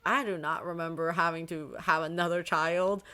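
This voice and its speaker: A woman's voice: fairly low pitch, fairly even intonation, moderate pace, bright, forceful tone, clean tone. A woman playing an irritable, harried mother who snaps in exasperation. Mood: exasperated. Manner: exasperated, snapping.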